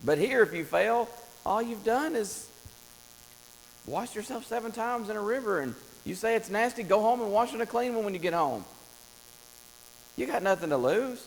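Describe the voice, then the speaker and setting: A man preaching a Bible study in a church, telling the story with lively acted-out voices. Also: high voice, normal speed, pauses often. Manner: animated storytelling, acts out voices of Bible figures. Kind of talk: Bible class teaching. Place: church classroom. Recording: long hall reverb with faint mains hum.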